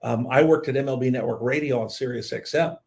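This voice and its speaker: A man hosting a podcast interview, an animated storyteller who acts out the quotes in his anecdotes. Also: mid-range voice, quick pace, vocal fry. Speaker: podcast host, executive producer.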